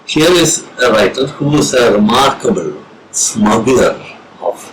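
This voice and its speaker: A man with an Indian English accent, a professor of English giving a slow, measured lecture on reading poetry with deliberate pauses. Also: mid-range voice, expressive, slight background noise. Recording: roomy with faint ambience.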